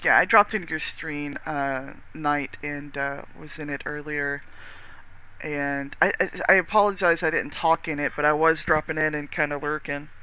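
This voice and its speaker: A streamer with a Texan accent, chatting casually with viewers while gaming, rambling warmly with lots of restarts and the odd swear. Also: mid-range voice, steady tone, normal speed, clean tone.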